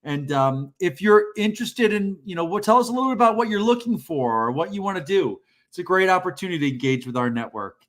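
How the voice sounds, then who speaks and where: A man co-hosting a live job-search show with a slightly higher-than-usual voice. He talks in a loose, casual way and stays blunt and direct, giving advice straight without softening it. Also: animated, fast, hardly any pauses. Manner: blunt, direct, self-described band-aid ripper. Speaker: co-host of a military job-search livestream. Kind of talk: casual livestream talk.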